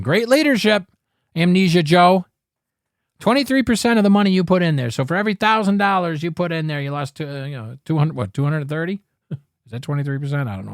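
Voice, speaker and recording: An angry man holds forth as a podcast host, cursing constantly and doubling back mid-sentence. His voice sits fairly high and swings widely in pitch. The sound is dry and close, with no room around it. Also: no echo. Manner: angry, swearing freely, rambling with restarts. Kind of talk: profane political commentary rant.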